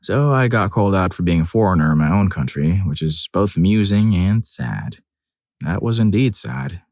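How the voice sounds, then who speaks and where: A man's voice: sits low, lively intonation, moderate pace, a little mellow, dry recording. A man narrating reader-submitted stories in a scripted storytelling style, acting out the quoted lines, with wry asides.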